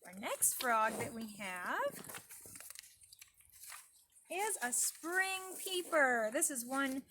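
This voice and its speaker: High bouncy librarian lady doing storytime out by a pond, sing-songy for little kids. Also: very slow, slight background noise. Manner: animated, sing-song teacher voice addressing small children. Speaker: children's librarian leading storytime. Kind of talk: preschool storytime lesson, outdoors. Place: garden by a pond, outdoors.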